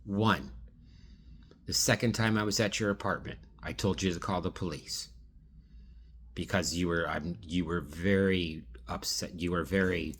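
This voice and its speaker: A man with a low, slightly bright voice speaks unhurriedly and directly to one absent person in a rambling, pleading video monologue. He restarts and trails off repeatedly, and there's a little hiss or hum.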